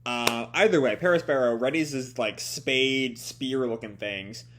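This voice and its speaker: A man reading a comic aloud and reacting, excitable, swearing and thinking aloud as he goes. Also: medium pitch, a little slow, noisy background. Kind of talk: casual read-along commentary.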